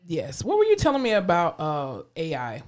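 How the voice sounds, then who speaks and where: A young woman with a lively, swooping voice co-hosts a casual podcast. She banters quickly and tosses in jokey asides and playful comebacks. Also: fairly low pitch. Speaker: podcast co-host and physical therapist. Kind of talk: casual chat.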